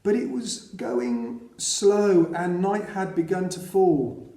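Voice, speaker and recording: A man reading a children's novel aloud in a steady storytelling way. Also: high voice, slow pace, echoey room. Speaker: audiobook reader.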